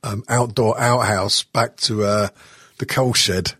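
Husky, rambling sweary podcast bloke. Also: male voice, fairly low pitch, fairly even intonation, slow, sharp tone, no room sound, studio quality. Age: middle-aged. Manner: rambling and sweary, with lots of fillers and giggles. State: stoned on edibles. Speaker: podcast host. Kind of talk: casual podcast chat.

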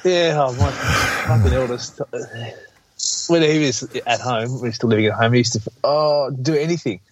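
A man's voice: medium pitch, expressive, moderate pace, very noisy. A middle-aged man, a podcast co-host grumbling sardonically and swearing heavily. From Australia. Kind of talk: casual profane chat. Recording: husky, dull, dry remote line.

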